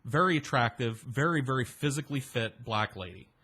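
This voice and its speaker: A man's voice: mid-range voice, expressive, fairly quick, sharp tone, breathy edge. Man rambling through a casual anecdote. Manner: rambling, with restarts and swearing, voicing people in his story. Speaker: storyteller.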